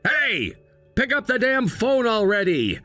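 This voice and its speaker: An actor playing an arrogant, snobbish young fiancé who talks down to people in a sneering, condescending way. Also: male voice, sits high, big pitch swings, a little slow, fairly bright tone, faint music behind, exaggerated voice. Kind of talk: voiced drama narration.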